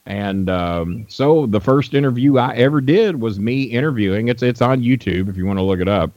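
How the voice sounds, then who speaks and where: A man's voice: medium pitch, lively intonation, normal speed, darkish tone, no echo, dull audio. A man from Louisville telling rambling, profane stories as a guest on an interview show. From Louisville, Kentucky. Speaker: guest, wrestling manager. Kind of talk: casual interview storytelling.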